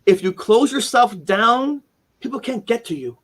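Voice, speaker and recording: A man's voice: very high voice, animated, a little slow, fairly bright tone. A man in his forties, the guest, telling his story in an earnest, rambling way with many restarts, speaking from home over a video call. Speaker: guest, author of a haunting memoir. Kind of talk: casual live-stream interview. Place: home room with keepsakes, indoors.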